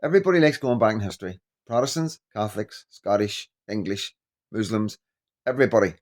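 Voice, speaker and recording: Low-voiced man rambling to his viewers. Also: darkish tone. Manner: halting, repeats "you know what I mean". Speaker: vlogger. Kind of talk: rambling casual commentary.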